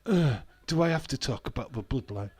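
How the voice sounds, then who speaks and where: A man's voice: medium pitch, animated, brisk, darkish tone, slightly rough, dry recording. A man hosting a wrestling watch-along stream, ranting bluntly in casual talk, swearing freely and laughing often.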